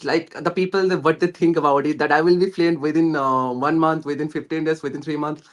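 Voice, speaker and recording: A man's voice: a little high, steady tone, a little fast. A young man from West Bengal with an Indian English accent, earnestly explaining his learning journey in a casual conversation, with many hesitations and fillers. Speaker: guest.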